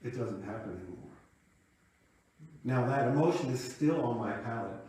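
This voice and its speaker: Preaching in a reverberant church sanctuary, a man in his late fifties recounts a personal story in a reflective, conversational manner. The minister sounds mellow and medium-pitched with lively intonation at normal speed, recorded from a distance with slight background noise.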